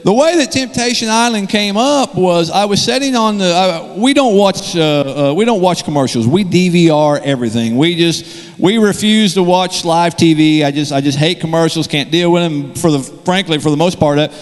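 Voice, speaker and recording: With a fairly high voice and moderate pace, a guest preacher delivers a sermon in a church sanctuary through a handheld microphone. He jokes and wanders conversationally between points as a long reverb tail follows his words.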